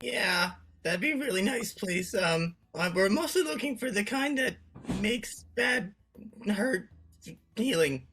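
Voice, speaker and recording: A bright, sharp-edged voice speaks in character at a tabletop game. The player talks politely and hesitantly, halting often with "um" and "uh". Faint music plays underneath. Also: medium pitch, expressive. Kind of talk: in-character roleplay.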